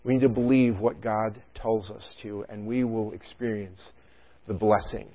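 Here a pastor speaks at a normal pace in a lowish, steady voice, keeping his sermon conversational and sprinkling in chatty, humorous asides. Audio comes across tinny, like a phone.

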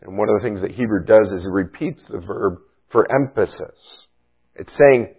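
A low, husky male voice preaching a sermon with emphatic, explanatory delivery. The recording is thin and phone-like. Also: lively intonation, moderate pace. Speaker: pastor. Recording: tinny phone-like sound.

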